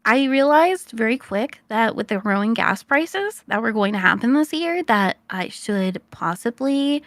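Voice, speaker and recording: A woman's voice: on the high side, expressive, measured pace, a bit bright, no echo. A woman being interviewed as a VTuber guest, chatting casually and giggling often between fillers.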